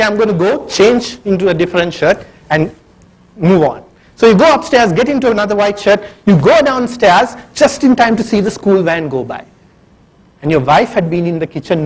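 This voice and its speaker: A man's voice: sits high, husky, poor audio. Man telling a funny story onstage. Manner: humorous, addresses audience directly. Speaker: keynote speaker. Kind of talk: storytelling conference speech. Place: conference hall.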